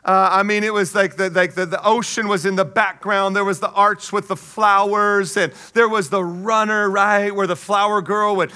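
Guy preaching, high bright voice, animated storyteller, does little voices. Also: normal speed, few pauses. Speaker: pastor. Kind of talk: sermon with storytelling.

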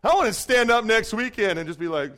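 A man preaching a sermon as pastor, swinging between loud declarations and hushed, quiet asides. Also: high voice, lively intonation, fairly quick.

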